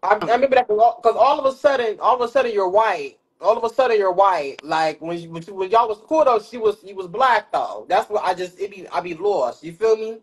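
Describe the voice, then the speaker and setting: A man with a high, husky voice drops laid-back remarks into a live stream chat. He sounds a little distant from the mic. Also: animated, a little fast, few pauses.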